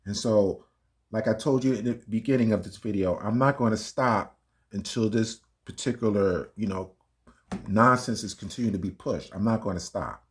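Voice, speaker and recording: A man's voice: lowish voice, normal speed. A man hosting a reaction video, talking casually and arguing emphatically between clips. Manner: emphatic, argumentative, fumbling with playback. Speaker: commentary channel host.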